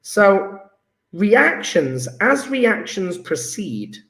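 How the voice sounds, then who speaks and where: A man's voice: sits high, sing-song, sharp tone. Upbeat chemistry teacher guy, voice jumps all over, kinda echoey room. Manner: enthusiastic, coaxing students, quick asides. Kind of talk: live online lesson. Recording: roomy echo.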